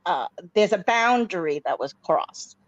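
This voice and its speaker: A woman in a casual chat, explaining her point deliberately with frequent restarts. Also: lowish voice, lively intonation, no echo, dull audio.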